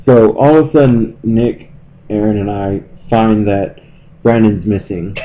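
A man's voice: lowish voice, unhurried. A man telling a story in casual podcast chat, acting out quotes with lots of swearing. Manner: animated, acts out quotes, swears freely. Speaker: podcast co-host. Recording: lo-fi with faint room noise.

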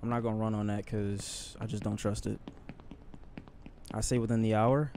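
A man's voice: lowish voice, little pitch movement, moderate pace, noisy background. A man streaming a game, chatting casually in loose slang with sighs and muttered asides. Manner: loose slangy talk with sighs, muttering under his breath. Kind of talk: casual live-stream commentary while gaming.

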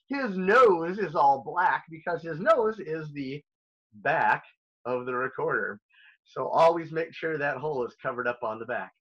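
A man's voice: fairly high pitch, a bit bright, lo-fi sound. A man teaching a recorded elementary music lesson, upbeat and playful as he talks straight to young children.

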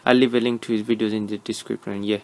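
A man's voice: lowish voice, flat delivery, fast talker, darkish tone. A young man giving sarcastic, mocking reaction commentary. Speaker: reaction YouTuber.

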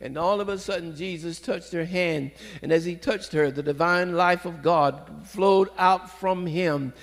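Male pastor preaching a sermon, fervent and exhorting, slightly raised pitch, long hall reverb. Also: a little slow, vocal fry. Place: church sanctuary.

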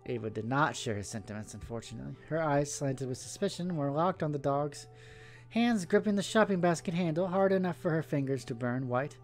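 A man's voice: on the high side, a little fast, soft background music. A man reading a story aloud, slipping in casual asides between the narration. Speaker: story reader.

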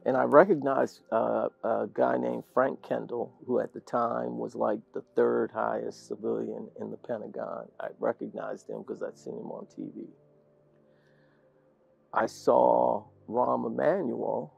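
An older man, a guest in an interview, telling an animated story and laughing often. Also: mid-range voice, gravelly, breathy edge. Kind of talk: storytelling anecdote in conversation. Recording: dull lo-fi sound.

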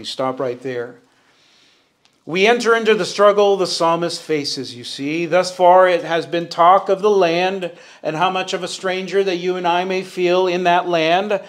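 A man preaching a verse-by-verse sermon in a church sanctuary, his voice sitting a little high for a man. He speaks earnestly, lifts his voice to stress his points and asks the congregation to finish his sentences. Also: measured pace. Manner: earnest preaching, rising for emphasis, calls on the congregation to answer. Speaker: Bible teacher.

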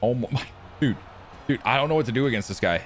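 A man giving excitable live commentary on his own gameplay, swearing freely and yelling at big plays. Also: mid-range voice, quick pace, soft background music. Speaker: gaming YouTuber.

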